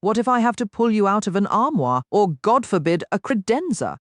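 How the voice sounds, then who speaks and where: A woman's voice: medium pitch, big pitch swings, a little fast, no room sound, voice pushed up, close to an everyday voice. A woman voicing a charming young nobleman who speaks in a teasing, mischievous way, recorded dry and close for an audiobook.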